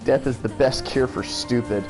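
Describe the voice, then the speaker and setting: A man reading aloud and voicing a tough, vulgar old grandmother who fiercely protects her granddaughter, in a gruff rural drawl. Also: medium pitch, normal speed, music in the background, voice pushed up, lightly acted. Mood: scornful.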